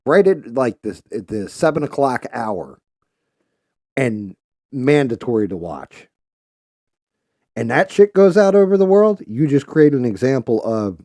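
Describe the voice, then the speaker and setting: A man's voice: medium pitch, sing-song, unhurried, long pauses, warm tone, dry recording, clean studio sound. A man hosting a podcast, talking in a casual, profane, heated and blunt way. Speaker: podcast host.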